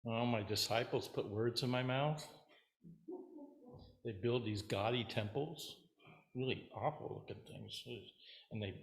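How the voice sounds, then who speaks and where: Man voicing a quiet, gentle sage. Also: mid-range voice, reverberant. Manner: quiet, mild. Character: calm, gentle male sage.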